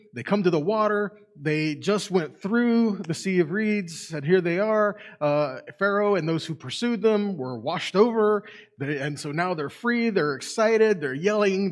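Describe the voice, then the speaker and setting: Lively man teaching scripture. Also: high-pitched. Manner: lively, rhetorical questions, reads scripture aloud. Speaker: teacher at a Messianic congregation. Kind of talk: Bible teaching. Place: congregation meeting room.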